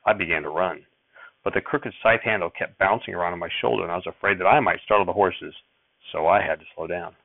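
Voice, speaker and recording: A man reading a memoir aloud in a steady, measured audiobook narration. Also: sits low, creaky, no echo. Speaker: audiobook reader. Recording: dry tinny phone-like sound.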